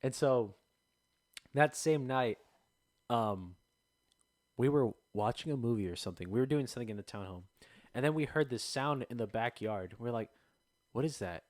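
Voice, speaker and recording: A young man hosting a podcast, telling stories in an animated way with laughter. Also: medium pitch, moderate pace, pauses often. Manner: animated, laughing, acts out voices. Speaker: podcast host. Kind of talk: casual storytelling chat.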